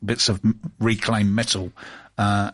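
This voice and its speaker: A man's voice: on the low side, little pitch movement, a little slow, a bit bright, dry recording. A man co-hosting a casual chat, rambling and joking as he talks.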